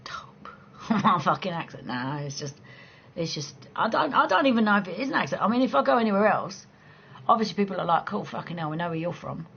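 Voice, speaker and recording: A woman chats casually with viewers late at night and answers comments bluntly, swearing freely and laughing often. Her voice sits at an ordinary middle pitch. The recording sounds a little dull, with a faint hiss underneath. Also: big pitch swings, fairly quick, vocal fry, a bit bright. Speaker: live-stream host.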